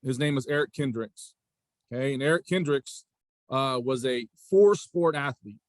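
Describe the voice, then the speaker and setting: In a laid-back interview, a man in his forties who coaches high school basketball and serves as athletic director tells rambling stories, restarting often and circling back with "again" and "right?". He talks at a normal speed with no room sound.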